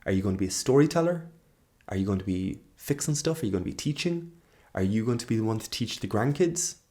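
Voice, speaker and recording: A man's voice: fairly low pitch, lively intonation, quick pace, warm tone. A man in his thirties giving a reflective monologue as host, earnest and searching, often trailing off and restarting. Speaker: podcast host.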